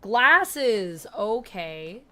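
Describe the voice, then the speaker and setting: A woman's voice: mid-range voice, big pitch swings, very slow, sharp tone. A woman streaming live, chatting playfully with her viewers and counting out exercises aloud. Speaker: gaming livestreamer. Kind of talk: casual livestream chat with viewers.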